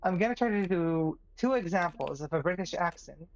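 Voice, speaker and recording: A woman's voice: fairly low pitch, lively intonation, moderate pace, darkish tone. A woman co-hosts a game stream with her partner and chats casually. She giggles often but explains her views with care. Her mic sounds a little muffled, and faint noise sits underneath. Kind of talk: casual chat. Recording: slightly dull with faint noise.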